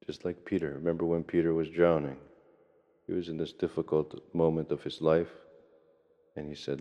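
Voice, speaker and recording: Very deep, flat-voiced preaching monk. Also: male voice, brisk. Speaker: monastic priest. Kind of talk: sermon. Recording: long reverb, dull lo-fi sound.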